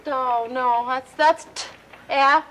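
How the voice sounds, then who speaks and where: A woman's voice: high voice, steady tone, takes it slowly, a bit bright, slight background noise, voice pushed down, low-quality recording. A woman playing a flustered mother who pleads with a police sergeant to find her missing little boy, in a 1970s children's TV sketch. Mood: anxious. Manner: frantic, pleading.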